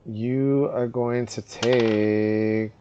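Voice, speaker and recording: A man's voice: medium pitch, fairly even intonation, very slow, mellow, clean tone, muffled recording. A man running a tabletop game as game master, narrating with playful laughter.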